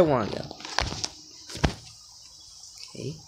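A woman's voice: extremely low pitch, big pitch swings, slow, pauses often, noisy background. A teenage girl commenting on her own gameplay, exasperated and muttering, with sudden outbursts. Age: teens. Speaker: gamer.

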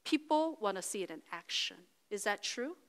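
A woman's voice: medium pitch, lively intonation, moderate pace, a bit bright. A middle-aged woman pastor giving a sermon in a chatty, storytelling way, full of fillers like "you know" and "right". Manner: conversational, anecdotal, many fillers. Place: church sanctuary. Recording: reverberant church hall.

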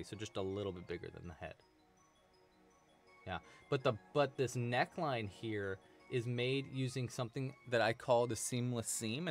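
A man hosting a live crochet stream, chatting casually and explaining stitches with many fillers. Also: mid-range voice.

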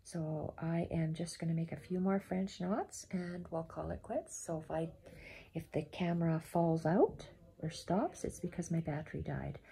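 A woman giving a step-by-step embroidery tutorial at home, softly counting her stitches aloud and often dropping to a half-whisper. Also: deep voice, moderate pace, vocal fry. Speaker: embroidery instructor.

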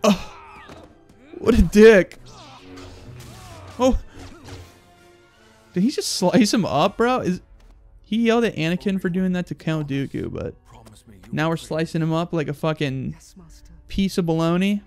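A young man giving loud, crude, excitable commentary while playing a video game. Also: high-pitched, measured pace, pauses often, faint music behind. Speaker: gaming YouTuber. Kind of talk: let's play commentary.

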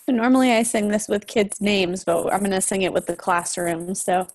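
A woman's voice: mid-range voice, moderate pace, darkish tone. A woman teacher singing a playful children's song over a video call, with chanted refrains.

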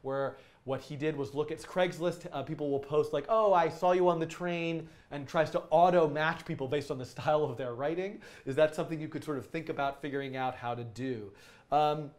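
Man, raised-pitch voice, loose and enthusiastic live-stream teacher, lots of restarts. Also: fairly quick, darkish tone. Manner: rambling, enthusiastic, many ums and restarts.

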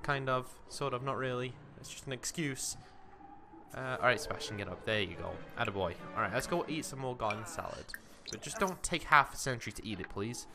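Over game music, a young man chats to his character while playing a life-simulation game, giving casual let's-play commentary. He's a gaming commentator with a mid-range voice, expressive and a little fast.

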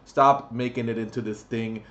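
A man's voice: medium pitch, fairly even intonation, moderate pace, a bit bright, highs cut off. A man ranting on his vlog, crude and profane, blunt and mocking. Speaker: vlogger.

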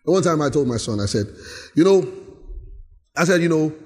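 A man preaching a sermon as pastor, animated and laughing often as he acts out little scenes. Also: a little high, brisk, long reverb tail. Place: church hall.

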